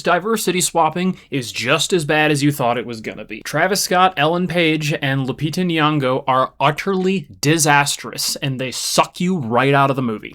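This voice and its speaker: A man of middle pitch delivering an opinionated review monologue. He talks bluntly, with heavy emphasis and a mocking edge, as if speaking straight to his own viewers. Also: a bit bright. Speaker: film reviewer.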